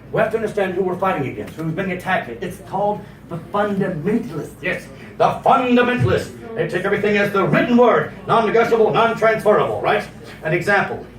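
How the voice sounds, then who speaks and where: A man performing a stand-up comedy routine on stage, animated and slipping into exaggerated character voices. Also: high voice. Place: comedy stage before a live audience. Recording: roomy venue sound from a distance.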